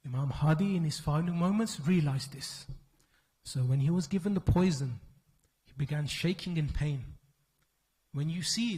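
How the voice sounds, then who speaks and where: A man giving an emotional mourning sermon at a religious gathering, telling the story in a slow, solemn, mournful way. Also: fairly high pitch, a little mellow, low-quality recording.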